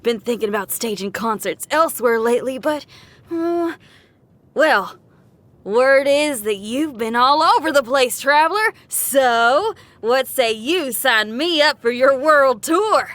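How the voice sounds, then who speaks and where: A woman's voice: high-pitched, expressive, unhurried, a bit bright, no echo. A woman voicing a tomboyish young rock musician with a Southern American accent and a boyish, laid-back drawl in a game. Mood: easygoing. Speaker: game character voice.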